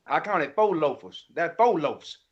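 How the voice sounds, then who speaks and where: A man with a high voice rants on a sports podcast, emphatic and colloquial, clearly fired up. His audio is slightly dull and lo-fi. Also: big pitch swings, measured pace. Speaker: podcast co-host. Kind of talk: heated sports podcast rant.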